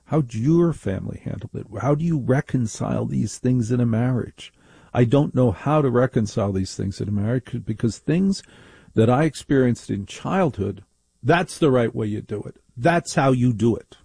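A middle-aged man hosts a call-in radio show with a gravelly, husky voice. His tone is dark and mellow, and he speaks into a close studio microphone with a dry sound. He tells stories with emphatic, mock-indignant conviction. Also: medium pitch, moderate pace, dry recording. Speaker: radio talk show host.

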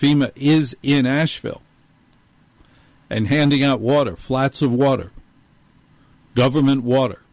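A gruff man hosting his own show with a sarcastic edge. His voice sits at a middling pitch. The sound is dry, with no room echo. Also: unhurried, long pauses, a little mellow. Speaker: show host. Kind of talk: sardonic monologue.

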